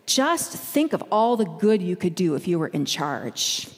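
A woman's voice: on the low side, sing-song, unhurried, breathy edge, big-room sound, full character voice. A woman voicing a sly male devil who coaxes and tempts in a wheedling, persuasive way. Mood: coaxing.

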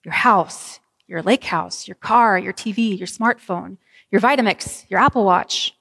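A woman's voice: medium pitch, vocal fry, a bit bright. Woman pastor preaching in an echoing church. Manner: vivid storytelling with dramatic pauses. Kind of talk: sermon. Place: church sanctuary. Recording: reverberant church hall.

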